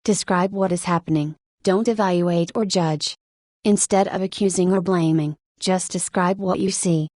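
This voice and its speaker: A woman narrating a nonfiction audiobook in a steady, even read-aloud manner. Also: on the low side, moderate pace, dry recording, clean studio sound.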